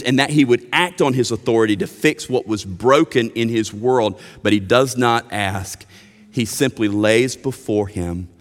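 A man preaching a sermon as a pastor, earnest, rising for emphasis and dropping soft. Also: fairly low pitch, long reverb tail.

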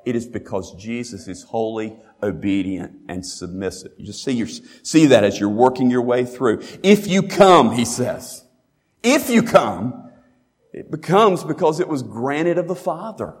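A darkish, mid-range voice belongs to a pastor who preaches at normal speed with hardly any pauses. He's emphatic, repeating key phrases and asking rhetorical questions, recorded with long reverb in a large hall.

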